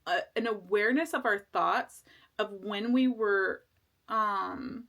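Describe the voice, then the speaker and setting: A woman's voice: medium pitch, takes it slowly, creaky, a bit bright. A woman talks through a tarot reading in a loose, casual way. She rambles, trips over restarts and leans on fillers. Her tone stays earnest and reassuring. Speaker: tarot reader.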